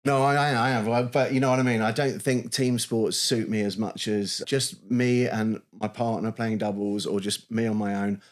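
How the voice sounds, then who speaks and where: Speaking with a fairly low, level voice at a moderate pace and with few pauses, this man co-hosts a podcast. He chats casually and eagerly, frequently starting over and repeating words.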